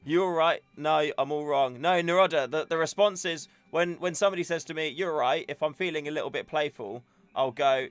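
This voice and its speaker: A man's voice: on the high side, a little fast, few pauses, clear, resonant tone, no echo. A young man hosting a casual livestream, chatting and joking in a rambling way. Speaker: livestream host. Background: faint music.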